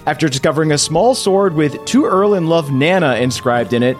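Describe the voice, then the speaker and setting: A man game master, hosting and narrating a tabletop game recap in a playful, animated storytelling way. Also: on the high side, fairly quick, soft background music.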